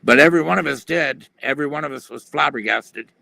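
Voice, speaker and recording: A man's voice: a little high, fast talker, sharp tone, no echo. A man telling his personal testimony in an earnest, plain-spoken way on a video call. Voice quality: gravelly.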